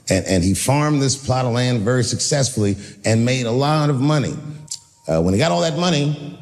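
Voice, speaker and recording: A man performing a stand-up comedy set, telling stories with shouted bits and acted voices. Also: fairly high pitch, long reverb tail, slight background noise. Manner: animated storytelling, voices and shouts.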